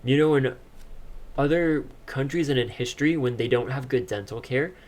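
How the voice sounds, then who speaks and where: A man's voice: mid-range voice, normal speed, a little mellow. A young man, a podcast co-host, telling a personal story in casual chat, laughing often as he talks.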